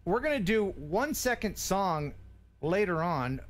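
Man, live stream host, casual chat, teasing and jokey, upbeat and animated delivery, somewhat high pitch. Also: unhurried. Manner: joking, teasing, laughs often.

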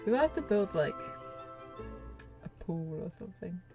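A woman's voice: on the low side, animated, moderate pace, over music. A woman chatting casually through a gameplay session as a let's play host, laughing often and now and then dropping to a near whisper.

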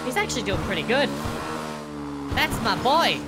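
A woman's voice: fairly high pitch, very animated, moderate pace, loud music behind the voice. A woman giving playful, jokey reaction commentary as a video host, full of exclamations.

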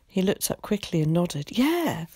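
A woman teacher reading a children's novel aloud in an expressive, measured storytelling voice. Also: lowish voice, no echo, clean studio sound. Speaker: primary school teacher.

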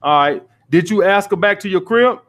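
A man's voice: sits high, lively intonation, moderate pace, fairly bright tone. A man coaching callers on dating, lecturing bluntly and cursing freely. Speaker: dating coach taking calls. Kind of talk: call-in advice show.

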